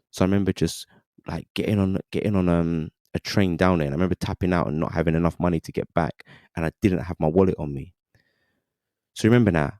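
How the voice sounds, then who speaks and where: A man, recounting his journey as a podcast guest in an animated, chatty way. His voice is deep and gravelly with a dark, mellow tone, recorded close and dry. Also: no echo. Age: 30s. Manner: animated, repeats "you know what I mean". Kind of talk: casual storytelling interview.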